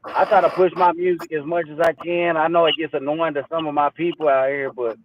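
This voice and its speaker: A man's voice: on the high side, level tone, a little fast, dry recording, highs cut off. A man from Texas, a rapper guest, talking casually in an easygoing way with street slang. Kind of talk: casual interview.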